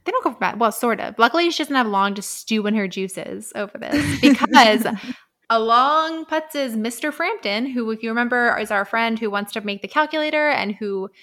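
A young woman recaps a book for a podcast in a loose, rambling chat full of fillers and casual swearing. Her voice sits a bit high and sounds bright and crisp. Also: expressive, normal speed, hardly any pauses. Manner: rambling, filler-heavy, swears, laughs often. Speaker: podcast co-host.

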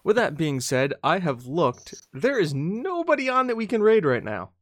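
Animated jokey male stream co-host. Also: high-pitched, no echo, clean studio sound. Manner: jokey, animated, quick to laugh. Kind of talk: casual chat.

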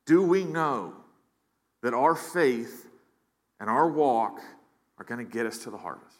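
A man's voice: medium pitch, expressive, a little slow. A man preaching a sermon as pastor, earnest, often repeating words as he builds emphasis. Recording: long hall reverb.

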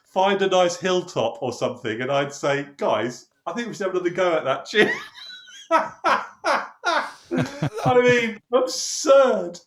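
A man with a slightly high voice recalls a recording session in casual chat. He slips into quoted voices and laughs through the tale. The sound is roomy and echoey. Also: a little slow, pauses often. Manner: lively storyteller, acts out quoted dialogue, laughs often. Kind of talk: casual anecdote.

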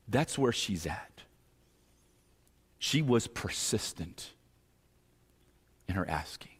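A man's voice: fairly low pitch, lively intonation, slow pace, pauses often, husky. A man preaching a sermon as pastor, earnest and at times acting out pleading voices. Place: church sanctuary. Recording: church hall reverb.

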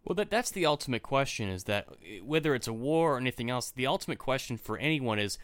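A man's voice: medium pitch, animated, quick pace, a bit bright, dry recording. A man co-hosting a casual political podcast, arguing his points and posing pointed questions. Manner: argumentative, poses pointed questions. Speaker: podcast co-host.

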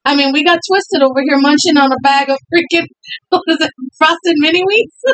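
Woman podcast co-host, high voice, dry close sound, teasing and chatty. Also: unhurried, fairly bright tone, no room sound, faint music behind, low-quality recording. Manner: playful, teasing, laughs often. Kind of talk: casual podcast chat.

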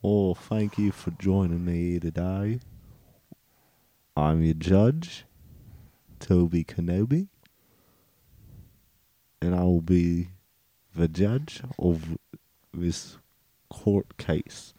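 A man doing a mumbling, slow judge. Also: dry recording. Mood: solemn. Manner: soft, halting and low. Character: slow, mumbling, self-important male judge.

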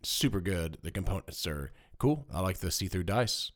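Casual podcast co-host, man, very deep voice, animated and jokey, rambling explanations. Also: normal speed. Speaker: board game podcast co-host. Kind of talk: casual chat. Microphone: studio microphone.

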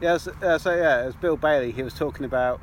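A man's voice: on the high side, fast. A man from England co-hosting a podcast, telling rambling, stammering stories while walking outside. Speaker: podcast co-host. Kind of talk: casual chat. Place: outdoors, walking along a street. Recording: street traffic faint behind.

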